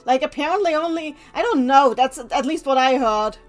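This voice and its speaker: Chatty high-voiced woman streamer. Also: moderate pace, faint music behind. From Germany. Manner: chatty, reads chat aloud, rambling asides. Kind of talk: gameplay livestream commentary.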